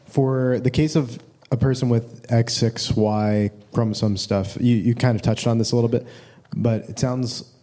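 A man's voice: medium pitch, fairly even intonation, moderate pace, mellow. A man from the audience asking a long, hesitant question with many fillers.

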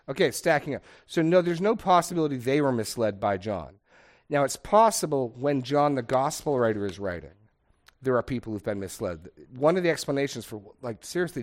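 A middle-aged man leading a casual Bible study discussion, chatty and digressive, laughing often as he talks. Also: mid-range voice.

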